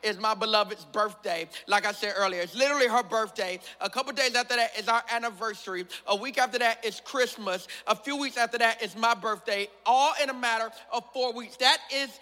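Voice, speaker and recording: Role: pastor. Sex: man. Pitch: very high. Timbre: bright. Style: humorous sermon storytelling. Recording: long hall reverb. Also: fairly quick, few pauses. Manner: lively, humorous storytelling with frequent laughter and asides to the congregation.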